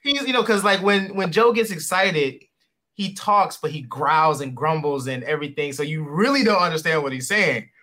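A man's voice: fairly high pitch, expressive, normal speed, sharp tone. A man hosting a podcast, telling stories in casual chat with lots of fillers and restarts. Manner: rambling storyteller with many fillers and restarts. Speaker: podcast host.

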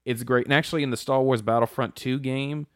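A man's voice: medium pitch, fairly even intonation, fairly quick, clear, resonant tone, no echo, studio quality. A man co-hosting a casual podcast, confidently explaining lore at length and swearing casually. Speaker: podcast co-host. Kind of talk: casual chat.

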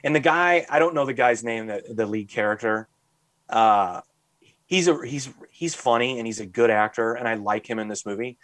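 A man's voice: mid-range voice, moderate pace, no room sound. Ranting man on a podcast. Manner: animated ranting, heavy use of "like"; exasperated, mocking. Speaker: podcast host. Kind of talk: casual podcast chat.

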